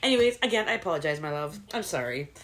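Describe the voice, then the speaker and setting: Speaking fast in a low-sitting voice, a middle-aged woman chats on a casual podcast she co-hosts with her daughter. As the mother, she tells stories with lots of giggles and bubbly animation.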